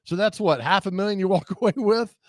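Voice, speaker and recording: Male radio host, slightly high, rambling and jokey, dry booth. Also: fairly quick, no echo. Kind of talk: casual sports radio chat.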